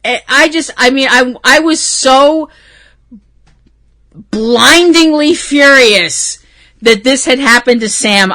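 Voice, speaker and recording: A woman hosting a casual fan podcast, talking dramatically and swinging from loud outbursts to hushed asides. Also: fairly high pitch. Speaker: podcast host.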